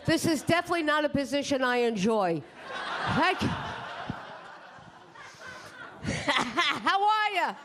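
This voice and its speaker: Excited lady comic, high lively voice, slow, crowd super loud. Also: background noise. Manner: bubbly and excitable. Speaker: stand-up comedian. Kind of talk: stand-up set. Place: comedy club stage.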